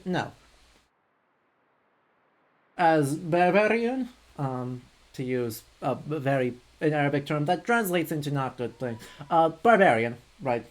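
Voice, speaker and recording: A historian streamer giving casual live commentary over gameplay, chatty with many fillers and dry sarcastic asides. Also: medium pitch.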